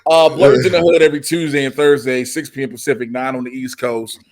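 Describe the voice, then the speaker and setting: A man co-hosting a casual TV review show, talking in an animated, slangy way and often laughing. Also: mid-range voice, fast.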